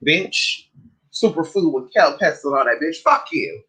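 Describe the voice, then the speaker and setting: A woman's voice: sits low, lively intonation, a little slow, pushed and bright, poor audio. A woman hosting a casual livestream, ranting in a sassy, profane, rambling way while eating. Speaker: livestream host.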